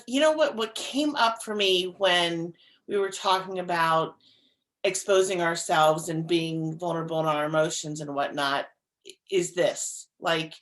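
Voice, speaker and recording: A woman co-hosting a podcast in casual conversation, talking earnestly and repeating phrases for emphasis. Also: mid-range voice. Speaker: podcast co-host.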